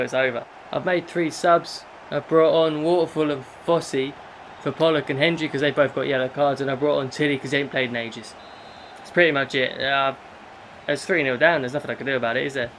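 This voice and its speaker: A young man commentating live over his football video game, frustrated and exasperated, with sudden loud outbursts. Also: a little high, slight background noise. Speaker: gaming YouTuber.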